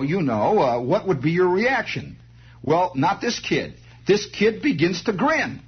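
A male comedian with a husky voice telling a rambling, stammering comic story on a dull lo-fi recording. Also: medium pitch. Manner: rambling and stammering, with sudden bursts.

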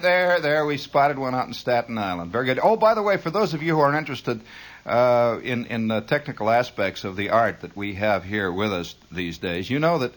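A man rambles through a late-night radio monologue in a studio, dry and sardonic. His pitch swoops widely as he riffs, and he drifts from one aside to the next in a mock-grandiose tone. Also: fairly bright tone. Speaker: radio host.

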